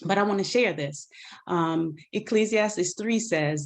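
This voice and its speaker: A woman's voice: mid-range voice, a little slow. A woman author giving an earnest personal testimony about grief on a video call, sometimes quoting scripture. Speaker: guest author.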